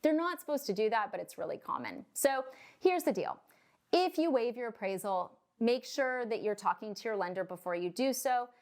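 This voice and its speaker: A woman's voice: fairly high pitch, lively intonation, normal speed. A woman mortgage loan officer explaining home buying in a casual, chatty way, tossing in "right?" and "okay?" and joking asides. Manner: jokey asides and acted quotes.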